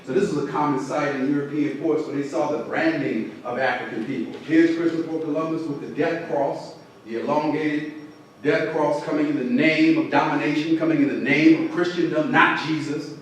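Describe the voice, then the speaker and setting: A man's voice: a little high, fairly even intonation, moderate pace, slight background noise. A man lecturing as a professor to a community audience, with a preacherly call-and-response cadence and punchy repeated refrains. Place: lecture hall. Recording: far, very echoey hall recording.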